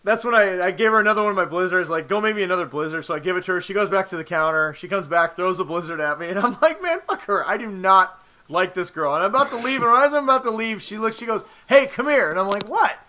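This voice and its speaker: A man in his thirties with a high, bright, forceful voice, chatting on a podcast. He tells stories in a loose, animated way, swears freely and acts out the lines he quotes. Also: racing, hardly any pauses. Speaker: podcast co-host. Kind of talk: casual storytelling chat.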